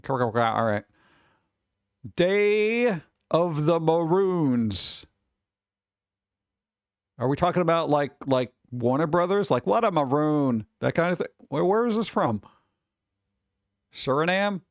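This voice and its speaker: A man's voice: on the high side, animated, moderate pace, no room sound, highs cut off. A man streaming live, reading holidays aloud and cracking jokes in a casual, playful way. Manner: joking, playful, riffing.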